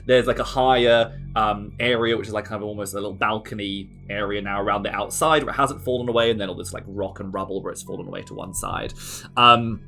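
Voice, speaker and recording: A man's voice: on the low side, steady tone, fast, vocal fry, sharp tone. A man narrating as game master of a tabletop role-playing game, casual and full of ums and likes. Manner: casual, many ums and likes, laughs often.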